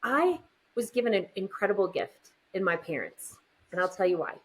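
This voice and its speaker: A middle-aged woman, a guest in a casual chat, telling lively stories and acting out what people say. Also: medium pitch, moderate pace. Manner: lively storyteller, does voices in quotes.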